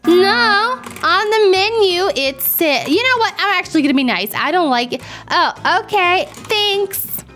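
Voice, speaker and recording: A young woman who is not a native English speaker, hosting casual gameplay commentary in a bubbly, excitable way with frequent gasps. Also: extremely high pitch, measured pace, faint music behind. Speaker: gaming channel host.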